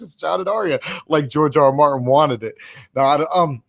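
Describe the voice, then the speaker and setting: Casting: quick, rambling male co-host, dry close recording. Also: on the high side, gravelly, no room sound. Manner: rapid, rambling, lots of "like". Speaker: podcast co-host. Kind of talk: casual livestream chat.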